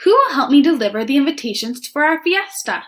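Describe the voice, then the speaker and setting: A woman's voice: high voice, very animated, brisk, fairly bright tone, voice pushed up. A woman voicing a hardworking iguana in a picture book who does everything herself. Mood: determined. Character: determined, hardworking female iguana.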